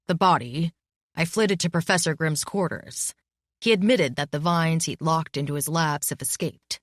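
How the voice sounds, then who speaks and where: A haughty, cold male investigator, as a woman reads him, dismissive and superior in every word. The voice sits low and the sound is dry and close. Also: normal speed, dry recording.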